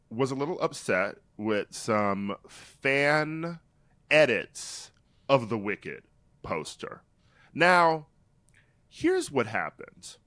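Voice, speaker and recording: A man co-hosting a pop-culture podcast, telling a story at an unhurried pace. His pitch rises and falls a lot, and he laughs easily. The sound is dry and close to a studio mic. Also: no room sound. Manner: animated storytelling, reads quotes aloud with mock drama, laughs often. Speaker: podcast co-host. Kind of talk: casual pop-culture chat.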